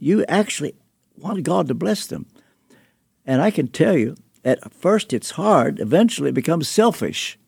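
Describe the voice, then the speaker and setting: An older man speaks at an unhurried, deliberate pace with a gravelly, mellow tone. A husky texture runs through his voice as he reflects and chuckles softly. The sound is close and dry. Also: on the high side, dry recording. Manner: slow, deliberate, with soft chuckles. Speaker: guest author and pastor. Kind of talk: reflective interview storytelling.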